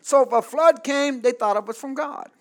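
A male pastor preaching a sermon, calling out to the congregation for responses and building up to shouted peaks. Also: very high-pitched, normal speed.

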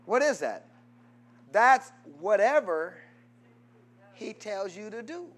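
A man pastor preaching a sermon, quizzing his congregation in call-and-response and swinging from loud exhortation to low asides. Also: very animated, takes it slowly.

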